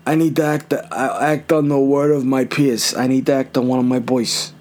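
A man voicing a cool, threatening male mafia boss in slow, measured gangster-movie tones. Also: mid-range voice, little pitch movement, a little mellow, lightly acted. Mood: menacing.

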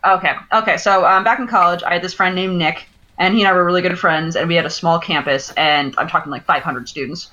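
A woman's voice: on the low side, fast, sharp tone, lo-fi sound. A young adult woman co-hosting a podcast, chatting casually and telling stories with lots of fillers and laughter. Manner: chatty storyteller, laughs often, many "like" fillers. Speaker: podcast co-host. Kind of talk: casual chat.

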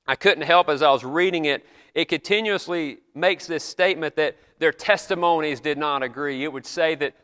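A man's voice: fairly high pitch, a bit bright, clean tone, in a large hall. A man preaching a sermon in a chapel, retelling scripture in an earnest, conversational storytelling way.

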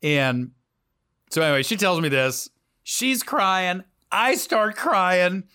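A middle-aged man, a TV news anchor, telling a story from his career in an animated interview voice that swings between loud and quiet. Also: high-pitched, slow pace, clear, resonant tone, no room sound, clean studio sound.

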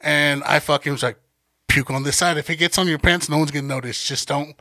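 A young man with a gravelly, bright voice, pitched a little high for a man, tells a rowdy story. He acts out every line of dialogue and laughs as he goes. The sound is dry and close, with no room around it. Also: brisk, dry recording. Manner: animated, acts out quotes, laughs often. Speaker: podcast guest storyteller. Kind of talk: casual profane storytelling.

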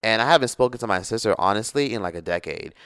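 A man's voice: on the low side, fast, smooth, dry recording, studio quality. Blunt, foul-mouthed young man telling his story. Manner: blunt, profane, animated storytelling. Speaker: YouTuber. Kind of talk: casual storytime vlog.

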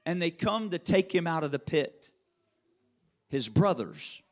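A man preaching a sermon in a dramatic way, swinging from loud stretches to hushed ones. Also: on the high side, big pitch swings, unhurried. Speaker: pastor.

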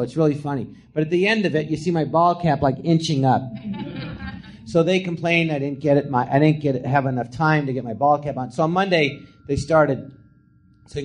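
Middle-aged man telling stories animatedly. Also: fairly high pitch. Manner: animated storyteller, acts out quotes in a hushed voice. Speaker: comedian telling stories from his career. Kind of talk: casual storytelling chat. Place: small live podcast theatre.

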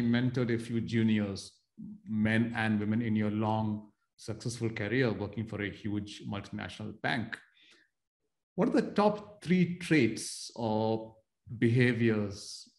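A male podcast host with a mid-pitched voice puts long, carefully built questions to his guest. He stumbles and restarts now and then, and the room around him has a noticeable echo. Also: darkish tone. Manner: asks long multi-part questions with hesitant restarts. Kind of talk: interview podcast conversation.

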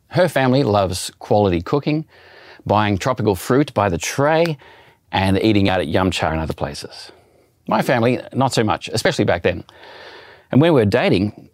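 A man's voice: lowish voice, no echo, clean studio sound. A man giving a sermon as a preacher, telling funny stories about his own family in a conversational, self-deprecating way.

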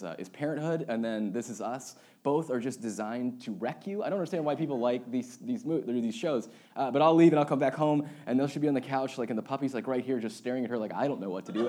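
A young adult man preaching a relaxed, conversational sermon as pastor, telling stories and joking with his congregation. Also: mid-range voice. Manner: casual, storytelling, joking with the congregation.

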